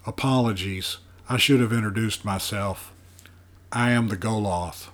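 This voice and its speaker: A man doing a hoarse, whispering old monster. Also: on the low side, measured pace, fairly bright tone. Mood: solemn. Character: ancient scarred chained male monster, sad and wise. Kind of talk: audiobook character voice.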